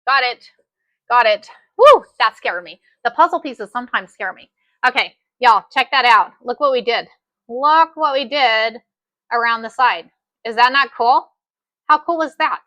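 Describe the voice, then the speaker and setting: A woman giving a casual sewing machine demonstration, chatty and excitable, repeating her phrases as she works. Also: fairly high pitch, moderate pace, no room sound. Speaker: sewing instructor.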